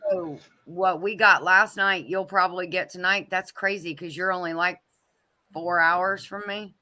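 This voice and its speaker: A woman's voice: on the low side, fairly even intonation, unhurried, sharp tone. A woman co-hosting a casual live chat, chatty and giggly, greeting viewers by name.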